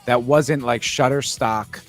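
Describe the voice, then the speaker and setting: A man with a middle-pitched voice chatting on a podcast. He tells stories and gets animated when he makes a point, with faint music behind him. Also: slow. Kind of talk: casual chat.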